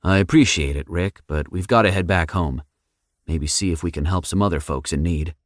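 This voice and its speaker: A calm, protective young big brother, read by a man in an audiobook. The voice stays low and steady, with a reassuring manner. The sound is dry, with no room around it. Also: normal speed, no echo, natural voice. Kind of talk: audiobook character voice.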